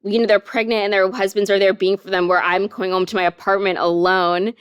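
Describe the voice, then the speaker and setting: A young woman guest in an interview, speaking candidly in a soft, halting way with many fillers. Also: medium pitch, level tone, smooth, dull audio. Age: young adult.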